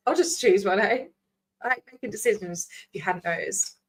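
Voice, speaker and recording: A woman's voice: mid-range voice, normal speed, slightly rough. A woman, rambling casually as she signs off her livestream, swearing freely. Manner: chatty, scattered, swears freely. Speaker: vlogger host.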